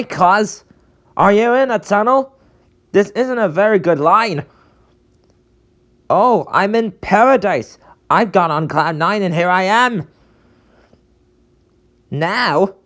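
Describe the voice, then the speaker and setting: A carefree young male conductor who loves the beach, voiced by a fan for a redub. He drawls his lines slowly and casually, full of slang. His pitch leaps and dips all over the place. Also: expressive, a bit bright. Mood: laid-back. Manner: laid-back, slangy, drawn-out delivery.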